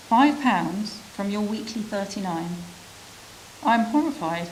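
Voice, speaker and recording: A woman reads a literary story aloud in a measured, reflective voice, at a middle pitch. She lets pauses sit between phrases. A faint hiss stays under her voice. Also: expressive, darkish tone, low-quality recording. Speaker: reader of a refugee's story. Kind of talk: reading a literary prose piece aloud.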